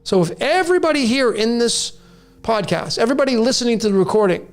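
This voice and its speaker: High-pitched ranting man, nearly fifty. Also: very animated, quick pace, soft background music. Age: 40s. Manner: raw, ranting, preachy. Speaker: podcast host. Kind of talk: monologue to listeners.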